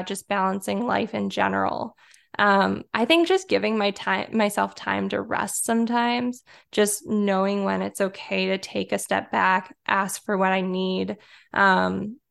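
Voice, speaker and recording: Woman, Detroit accent, podcast guest, gravelly, smooth, casual filler-heavy chat. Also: mid-range voice, a little slow. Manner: relaxed, chatty, filler-heavy with frequent likes and ums.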